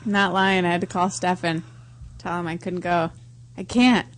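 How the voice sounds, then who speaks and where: A woman's voice: on the low side, flat delivery, normal speed. Female radio co-host, playful, casual banter.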